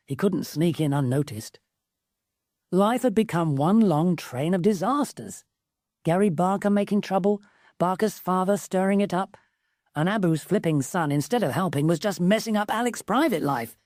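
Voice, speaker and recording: A woman reads the story in a lower register with a lively, bouncing delivery. She shifts her voice to play each character. The sound is close and dry, with no room around it. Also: normal speed, no room sound. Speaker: audiobook narrator. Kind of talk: scripted narration.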